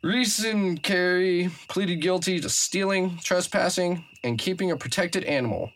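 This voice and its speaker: A man's voice: high-pitched, unhurried, a bit bright, low-quality recording. A man hosting a casual comedy podcast, reading a news story aloud with jokey asides. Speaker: podcast host.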